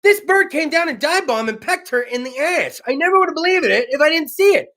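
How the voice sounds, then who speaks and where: A man hosting a casual internet talk show, telling stories in a slangy, profane, animated way with sudden whoops. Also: very high voice, fast talker. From California.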